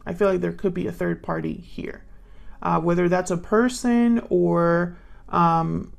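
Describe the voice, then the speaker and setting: A woman's voice: on the low side, steady tone, a little slow, vocal fry. A woman giving a casual tarot reading, thinking aloud and murmuring questions to the cards as she pulls them. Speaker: tarot reader.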